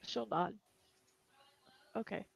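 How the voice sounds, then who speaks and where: Gravelly woman running a tabletop game. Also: medium pitch, drawn-out words, slight background noise. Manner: hesitant, many fillers. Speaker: game master. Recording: dry lo-fi recording.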